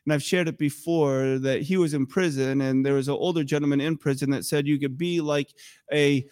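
An American man preaching a sermon as pastor, telling the story with animated acted-out quotes. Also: fairly high pitch, fairly quick, no echo, clean studio sound.

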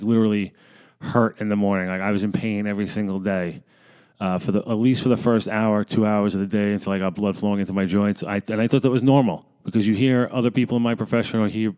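A man in his thirties talks straight at the listener as a fitness coach, rambling and swearing freely. His voice sits low and sounds smooth and clear. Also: darkish tone. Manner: blunt, profane, rambling. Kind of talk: casual monologue.

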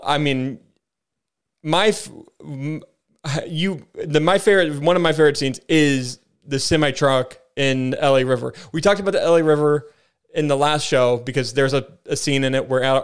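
Enthusiastic man with a smooth voice. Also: medium pitch. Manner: enthusiastic, restarts often. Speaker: podcast co-host. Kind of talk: casual movie chat.

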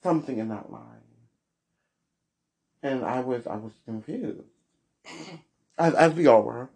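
A man hosting a solo podcast, giving blunt, sassy opinions with big swings in pitch. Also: expressive, slow, darkish tone. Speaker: podcast host.

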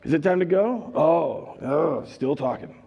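A man voicing the inner thoughts of a bored churchgoer, muttering low and impatient. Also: lively intonation, a little slow, creaky, breathy edge, highs cut off, exaggerated voice. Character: bored male churchgoer wanting the sermon over.

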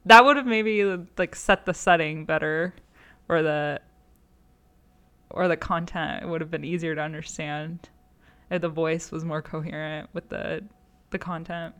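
A person in casual podcast chat, playful and quick to laugh. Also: medium pitch, fairly even intonation, a bit bright, smooth.

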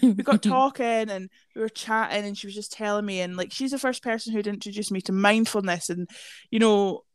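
A woman's voice: mid-range voice, a little fast, clear, resonant tone, no echo. A young woman co-hosting a podcast, telling stories casually with lots of swearing. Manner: chatty, swears freely, lively storytelling. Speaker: podcast co-host.

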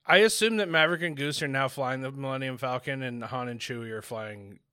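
Bright-voiced opinionated podcast guy. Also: medium pitch, clear, resonant tone, no echo, clean studio sound. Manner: opinionated, chatty, quick to react. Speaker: podcast co-host. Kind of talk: casual chat.

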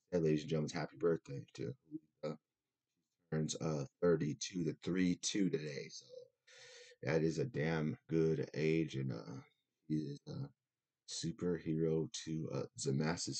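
A man's voice: very deep voice, mellow. A young adult man hosting a podcast, ranting in casual chat with lots of swearing and restarts. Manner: profane, rambling, lots of restarts. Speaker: podcast host.

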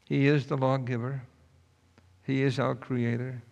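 A preacher tells a story in a folksy, earnest way, his voice gravelly at mid pitch. The sound carries a long reverb from a large hall. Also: level tone, unhurried, a little mellow. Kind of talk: sermon storytelling.

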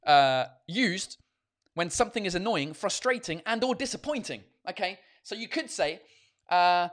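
A man hosting a casual chat with viewers, switching between English and French, animated and swearing freely, with many fillers and restarts. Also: high-pitched, normal speed. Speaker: host.

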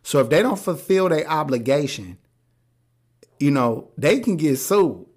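A man's voice: a little high, lively intonation, measured pace, a little mellow. A man hosting a podcast, talking in a casual, blunt and profane way with strong opinions. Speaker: podcast host. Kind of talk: casual chat.

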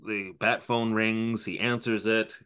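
A man's voice: lowish voice, flat delivery, slow, bright, forceful tone, smooth. A man co-hosting a podcast, recapping a TV episode in a wry, rambling way. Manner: wry, dry, rambling narration. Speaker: podcast co-host.

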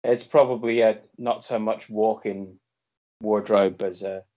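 Male podcast co-host, slightly low voice, deadpan quips. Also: unhurried. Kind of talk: casual chat.

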